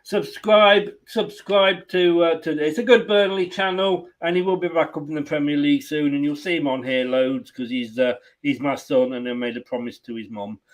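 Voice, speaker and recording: A man's voice: on the high side, fairly even intonation, normal speed, few pauses. A man hosting a football watchalong stream, chatting casually, teasing and laughing often. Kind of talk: casual chat.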